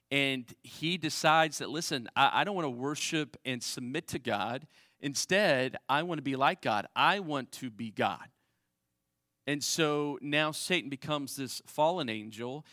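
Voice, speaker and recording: A man preaching a sermon, conversational and direct, often tossing "right?" to the congregation. His voice sits in an ordinary middle pitch and swings from raised emphasis down to quiet asides. The sound is dry, with little room echo. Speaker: pastor.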